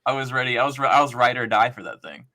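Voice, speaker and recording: A man's voice: mid-range voice, fast, pushed and bright. A man chatting as a guest on a gaming podcast, enthusiastic and telling stories in a chatty way. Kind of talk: casual podcast chat.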